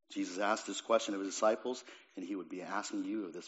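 A man preaching a sermon, rising to emphatic lines and then dropping to quiet ones, often repeating words as he goes. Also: lowish voice, a little fast. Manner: swings between raised emphatic lines and quiet, dropped phrases. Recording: dull lo-fi recording.

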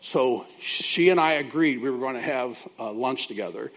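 A man's voice: medium pitch, moderate pace. A man who works as a biblical counselor, teaching a class by telling a folksy, conversational story. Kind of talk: teaching through a told story.

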